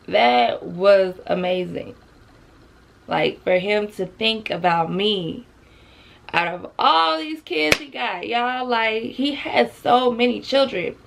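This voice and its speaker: A woman's voice: mid-range voice, gravelly. A woman vlogging to her viewers in a chatty, heartfelt way, calling them y'all and holding back tears. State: close to tears. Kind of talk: heartfelt casual vlog talk.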